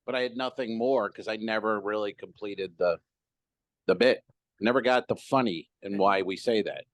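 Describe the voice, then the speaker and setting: A man's voice: on the low side, normal speed, dry recording. A man co-hosting a comedy podcast, telling rambling stand-up stories in casual banter and swearing freely. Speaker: podcast co-host and stand-up comic.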